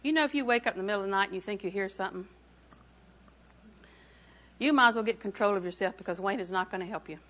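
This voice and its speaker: Bright, emphatic woman preacher in her sixties. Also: mid-range voice, fast talker, pauses often. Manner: emphatic repetition, swings between soft asides and loud declarations. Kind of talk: sermon.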